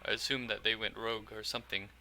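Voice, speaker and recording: Man, tabletop player, low pitch, very bright, casual joking. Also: flat delivery, quick pace, a little hiss or hum. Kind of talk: casual tabletop game talk.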